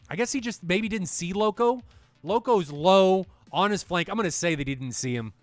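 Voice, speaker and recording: Guy calling a dogfight match, high voice, dry close mic, faint music under it, gets loud and worked up. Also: no room sound. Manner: excitable, talks to the viewers directly. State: out of breath at times. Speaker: esports commentator. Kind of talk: play-by-play commentary.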